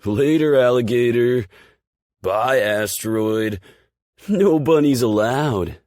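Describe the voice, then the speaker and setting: A man voicing a rowdy, excited young male hockey player who shouts with glee. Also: medium pitch, slow, no echo, studio quality, voice pushed up. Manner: loud and rowdy.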